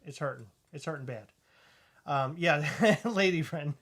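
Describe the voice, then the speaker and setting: A man's voice: a little high, measured pace, a bit bright. Joking man hosting a casual livestream. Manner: joking, rambling, self-deprecating. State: in back pain. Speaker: host.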